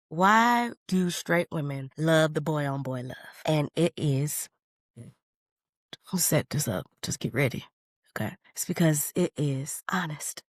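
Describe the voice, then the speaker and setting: Woman, podcast host, lower voice, casual playful chat, getting over flu, dry close mic. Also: dry recording. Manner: animated, slangy, playful. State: recovering from flu.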